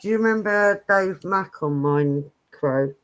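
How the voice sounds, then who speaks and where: A man's voice: high voice, unhurried, a bit bright. A man talking casually as a fellow streamer on a livestream, giving short, easygoing replies. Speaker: guest streamer.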